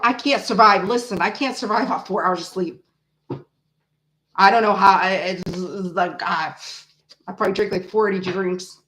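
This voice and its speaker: A woman in her forties hosting a casual tarot livestream, chatting with viewers in an animated, blunt way, swearing freely and laughing often. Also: mid-range voice, poor audio. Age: 40s. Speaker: tarot reader host.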